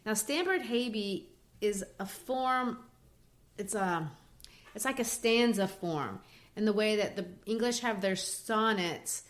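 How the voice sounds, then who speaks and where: A woman co-hosting a literature podcast, explaining a poem in a relaxed, animated way with light laughs. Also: mid-range voice, takes it slowly. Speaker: podcast co-host. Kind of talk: casual literature discussion.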